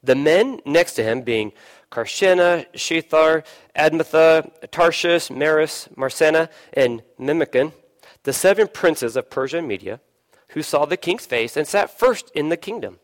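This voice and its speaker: A man preaching a sermon, putting questions to his listeners and briefly acting out voices from the story. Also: unhurried. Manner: lively preaching, asks the listeners questions, acts out voices, drops low for emphasis. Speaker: pastor.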